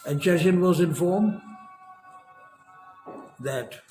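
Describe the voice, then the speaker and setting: Slow, measured male lecturer. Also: high-pitched, mellow, soft background music. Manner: measured, emphatic, with long pauses. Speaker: professor.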